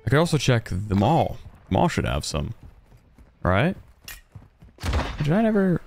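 A man's voice: medium pitch, huge pitch swings, unhurried, gravelly, darkish tone, slight background noise. A man streaming a shooter game, chatting casually, reacting aloud and thanking donors as he plays. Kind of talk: casual gameplay commentary.

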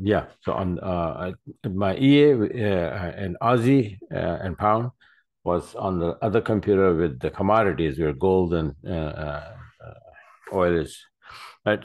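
Low-voiced man rambling through trades. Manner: rambling, many fillers and self-corrections. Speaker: forex trader. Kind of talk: casual screen-share trading commentary. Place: at a desk by his computers.

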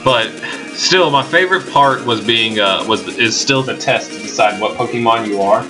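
A man's voice: mid-range voice, moderate pace, over music. A man giving playful, casual commentary while playing a video game. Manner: playful, jokey, reads game text aloud. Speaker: let's play host.

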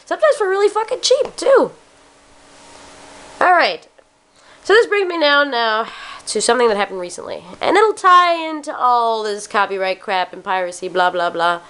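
Animated, slurring woman ranting bluntly. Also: a little high, normal speed, clean tone. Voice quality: slightly slurred speech. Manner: swears often, blunt and opinionated. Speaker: vlogger. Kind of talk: casual ranting monologue.

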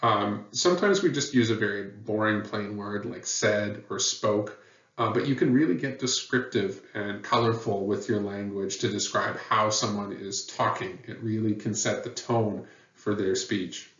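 Guy teaching a writing lesson, lowish voice, dull roomy sound, mic kinda far off. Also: measured pace, a bit bright. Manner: plain, patient, with many uh and um fillers. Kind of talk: explaining writing rules in a lesson.

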